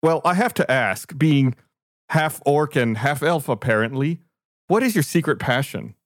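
A man's voice: a little high, animated, measured pace, no echo, clean studio sound. A man voicing a polite, formal male cart driver with a quizzical, courteous manner. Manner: courteous, quizzical, keeps offering gum.

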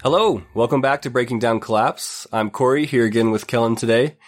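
A man's voice: mid-range voice, fairly quick, faint music behind. A young man hosting a podcast, congested from a cold, chatty and laughing as he tells stories. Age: young adult. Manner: chatty, laughs often, animated storytelling. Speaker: podcast host. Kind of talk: casual chat.

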